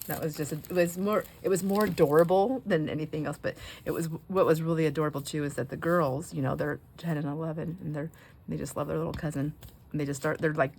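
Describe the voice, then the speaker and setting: A middle-aged woman with a low, gravelly voice chats casually while she crafts in her home craft room. She rambles from story to story and often drops into soft, almost whispered asides. A faint hiss of noise sits under the recording. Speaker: craft vlogger and grandmother.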